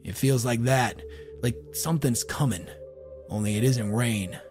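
A man's voice: mid-range voice, unhurried, a little mellow, faint music behind, close to an everyday voice. A man playing a haunted, weary male investigator who speaks in a grave, ominous way.

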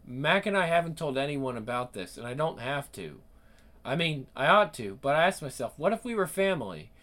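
An actor playing a manipulative man who speaks calmly and quietly threatens. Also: a little high, fairly quick. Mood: insinuating. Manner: calm, insinuating, quietly threatening. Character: creepy manipulative middle-aged male business contact. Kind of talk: dramatic acting.

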